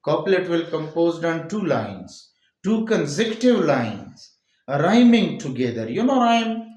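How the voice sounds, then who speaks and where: Male English teacher with a Pakistani English accent, high and lively voice, unhurried delivery, echoey room, repeats each point. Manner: repeats key phrases, explains step by step. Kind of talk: classroom lecture on poetry.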